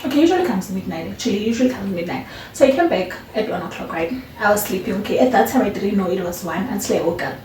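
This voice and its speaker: A young South African woman talking through a casual storytime vlog in a chatty, expressive way with lots of fillers. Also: medium pitch, very fast, few pauses, distant mic. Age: young adult. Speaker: university student vlogger. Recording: echoey room, voice off-mic, faint background hiss.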